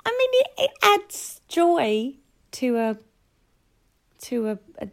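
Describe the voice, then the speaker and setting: Lively, sweary woman. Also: sits high, slow pace. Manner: lively, sweary, laughs often, bursts into song. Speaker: podcast co-host. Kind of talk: casual chat.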